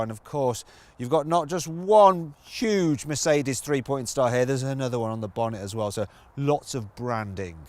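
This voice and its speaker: Chatty man reviewing a car. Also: medium pitch. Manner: chatty and jokey, playful asides. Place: in and around a car.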